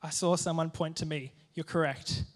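A young man giving a youth sermon, telling a personal story in a lively, joking way with plenty of asides. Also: a little high, moderate pace. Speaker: youth group speaker.

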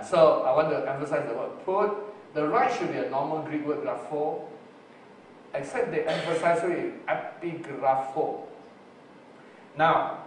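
A male preacher teaching on Greek word roots in a sermon, slow and full of fillers. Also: a little high. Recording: roomy distant recording with faint hiss.

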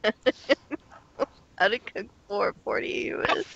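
A man's voice: sits high, measured pace, gravelly, sharp tone, slight background noise. A man co-hosting a gaming podcast, chatting casually while playing and laughing often. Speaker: podcast co-host and player. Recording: dull lo-fi podcast audio.

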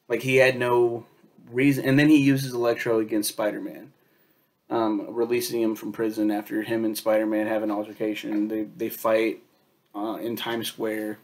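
A man's voice: fairly low pitch, level tone, moderate pace, a little mellow. Rambling, cursing man reviewing a film. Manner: rambling, profane, lots of fillers and quoted asides.

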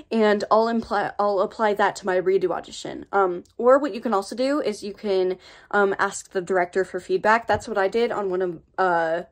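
An American woman with a mid-range voice hosts a casual voice acting tutorial vlog, speaking at normal speed. She talks into her own microphone in a chatty, rambling, playfully sassy way.

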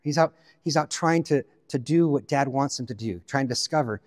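A guest pastor from the Pacific Northwest preaches a sermon in an animated, story-driven style, throwing in joking asides. His voice is medium-pitched and fairly quick, heard in a large hall.

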